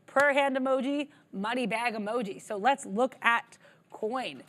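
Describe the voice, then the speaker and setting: A woman's voice: a little high, a little fast, fairly bright tone. A woman co-hosting a live trading show, giving chatty, upbeat market commentary with many fillers and reading viewer messages aloud.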